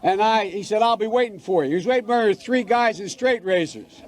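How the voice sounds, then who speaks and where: A man's voice: high-pitched, brisk. An older male politician telling a meandering anecdote, correcting himself and trailing off mid-phrase. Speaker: politician speaking to a crowd. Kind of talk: rambling anecdote.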